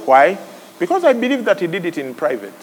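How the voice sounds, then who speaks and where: A man preaching a sermon, animated, breaking into sudden high exclamations and laughs. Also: a little fast, soft background music. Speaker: pastor. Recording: long hall reverb with faint ambience.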